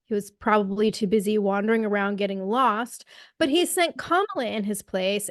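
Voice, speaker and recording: A woman's voice: mid-range voice, no echo, studio quality. A woman co-hosting a political podcast, talking bluntly and indignantly with plenty of swearing. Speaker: podcast co-host. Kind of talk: casual political chat.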